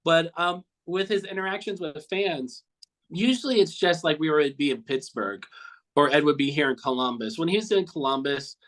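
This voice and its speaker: A man's voice: fairly high pitch, normal speed, a bit bright, rough recording. A man recounting memories of a friend in a casual, heartfelt interview, rambling and swearing now and then. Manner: earnest, repeats himself often. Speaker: cartoonist guest.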